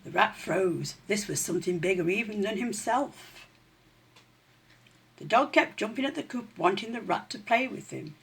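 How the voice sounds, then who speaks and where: A woman reads a children's story aloud with expressive, animated delivery. Her medium-pitched voice moves at a moderate pace, creaky with a breathy edge.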